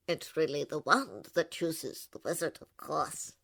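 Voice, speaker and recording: An old wandmaker with a measured, knowing delivery, voiced by a woman. The voice stays low and unhurried. It is an audiobook character read in a plain tone. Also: expressive, sharp tone, husky, full character voice.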